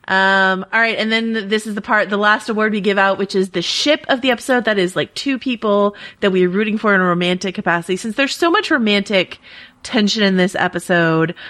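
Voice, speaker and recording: Brief: woman host, casual chat, enthusiastic, mid-pitched. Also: a bit bright. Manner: enthusiastic, gushing. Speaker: podcast host.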